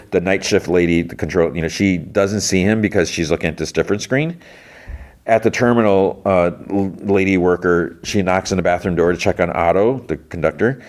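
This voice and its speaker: A male podcast host giving a rambling, casual recap of a TV episode, full of fillers and restarts. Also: low voice.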